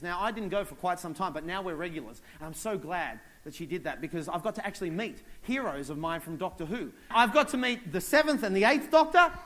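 A man telling a comic story on stage, animated, acting out other people and voices as he goes. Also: high-pitched. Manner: animated, acts out characters and voices. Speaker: stand-up comedian. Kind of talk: stand-up comedy storytelling.

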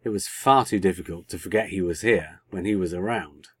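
A man voicing Nyssa, a quiet, matter-of-fact young woman in a read-aloud story. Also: low-pitched, brisk, slightly rough, dry recording. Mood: dry. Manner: soft-spoken, matter-of-fact.

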